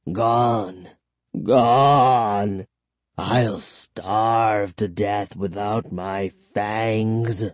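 A slow, murmuring old vampire. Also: male voice, fairly even intonation, no echo. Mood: mournful. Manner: slow, murmuring, low and drawn out. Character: ancient withered male vampire, hungry and mournful. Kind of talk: audiobook reading.

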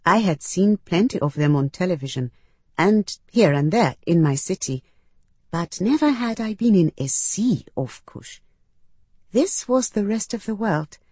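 A woman reading a first-person story aloud in a measured, expressive audiobook narration, close to the mic. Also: low voice, husky, no room sound.

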